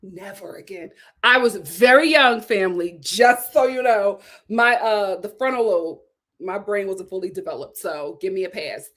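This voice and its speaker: A young adult woman hosting a casual livestream, reading viewer comments aloud in a chatty, animated way and laughing often. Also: mid-range voice, moderate pace. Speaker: YouTube show host reading super chats.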